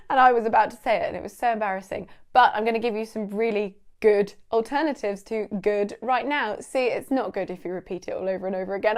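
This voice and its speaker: A woman's voice: medium pitch, a little fast. A young British woman teaching English vocabulary in a casual, playful way, laughing often.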